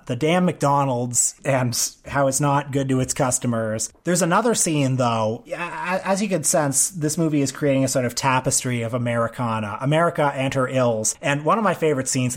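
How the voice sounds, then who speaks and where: A man co-hosting a casual film discussion, sardonic with mock-serious asides. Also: medium pitch. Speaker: podcast co-host.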